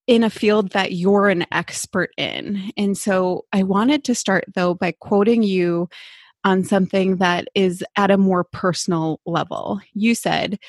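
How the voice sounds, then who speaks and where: A woman's voice: medium pitch, no room sound. Podcast host lady, upbeat and friendly, dry close mic. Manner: enthusiastic, friendly. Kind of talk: podcast interview.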